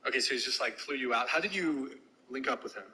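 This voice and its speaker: A man's voice: medium pitch, quick pace, pushed and bright, slight background noise, poor audio. A man hosting a podcast interview, prodding with blunt, joking questions. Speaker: podcast host.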